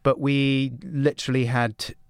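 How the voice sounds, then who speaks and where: A man's voice: mid-range voice, measured pace, clean tone, no room sound, clean studio sound. A man hosting a podcast, telling stories in a casual chat and acting out the quotes. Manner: animated storyteller, acts out quotes. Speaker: podcast host. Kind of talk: casual conversation.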